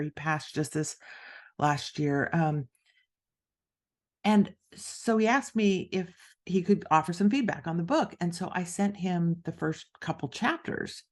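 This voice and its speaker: A middle-aged woman, an author and podcast guest, telling a story in conversation and acting out the voices of the people in it. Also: fairly low pitch. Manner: animated, acts out quoted voices.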